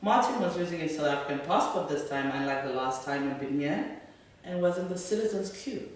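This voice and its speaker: A woman's voice: sits low, fairly quick. Woman author reading in an echoey hall. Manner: lively and laughing in Q&A. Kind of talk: reading her own fiction, then Q&A. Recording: echoey room, distant mic.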